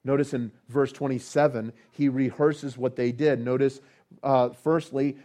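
A man preaching a sermon, rising to loud emphatic passages and dropping to quiet, drawn-out appeals. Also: mid-range voice, steady tone.

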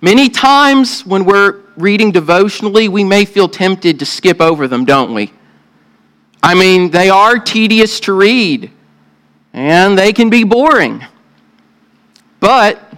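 Southern guy pastor, smooth clear voice, kinda high, preaching like he's just talking to you. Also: fairly bright tone, rough recording. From Southern United States. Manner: earnest, conversational preaching with rhetorical questions. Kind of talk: sermon with opening prayer.

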